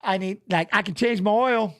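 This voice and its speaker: High-voiced man rambling through a watch-along. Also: normal speed. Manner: loose, rambling, chats with viewers, reads fighter stats aloud; frequent "you know what I mean" tag. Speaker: host of a fight watch-along. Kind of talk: casual live watch-along commentary.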